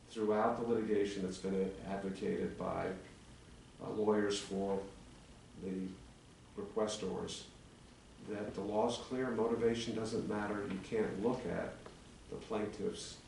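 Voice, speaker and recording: With a darkish, lowish voice touched by vocal fry, a sixty-something attorney builds an argumentative legal case for a town commission during a formal public meeting. It's captured on a distant mic in an echoey chamber with a faint hum.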